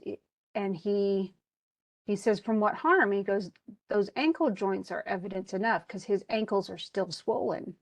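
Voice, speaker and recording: A woman's voice: medium pitch, mellow, no room sound. Chatty woman giving a casual literature lecture. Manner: chatty plot retelling with frequent "he goes" asides; switches between modern slang and quoted archaic verse. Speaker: literature instructor.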